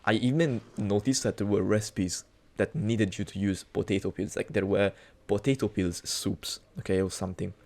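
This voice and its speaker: A man's voice: on the low side, steady tone, moderate pace, vocal fry, hardly any pauses, a little mellow. A young man telling a casual, rambling story, full of swearing, restarts and fillers. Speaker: cooking vlogger.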